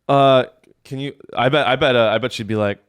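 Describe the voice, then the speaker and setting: A man's voice: mid-range voice, steady tone, a little fast, clean tone, no room sound. A man hosting a podcast, in crude, joking casual chat that rambles and trails off into fillers. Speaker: podcast host.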